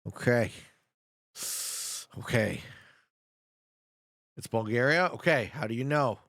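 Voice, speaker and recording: Young male streamer, jokey running commentary, expressive pitch, close and dry. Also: slow, dry recording. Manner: joking, talks back to his chat. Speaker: streamer playing a geography guessing game. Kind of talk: casual live gameplay commentary.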